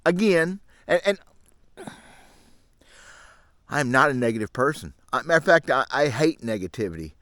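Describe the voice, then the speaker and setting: A man's voice: medium pitch, sing-song, fast talker, fairly bright tone, dry recording, studio quality. A middle-aged man, rambling frankly and grumbling to camera outdoors in the woods. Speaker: fishing channel host. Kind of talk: casual rambling monologue to camera. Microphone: camera mic.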